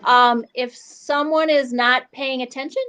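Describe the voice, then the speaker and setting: A woman's voice: sits high, steady tone, unhurried, a bit bright, clean tone. A woman guest on a podcast who answers a slang quiz with hesitant guesses and frequent ums. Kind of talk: casual interview game.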